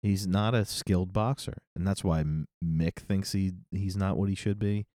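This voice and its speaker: A man's voice: low-pitched, moderate pace, dark tone, no echo, studio quality. A middle-aged man co-hosting a podcast in casual chat, rambling and correcting himself, often laughing. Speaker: podcast co-host.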